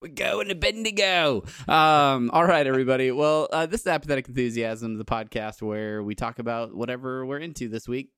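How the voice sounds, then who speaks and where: A man's voice: mid-range voice, fast talker, few pauses, clean tone, dry recording, studio quality. A man hosting a casual podcast, chatty and self-deprecating, laughing often. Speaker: podcast host.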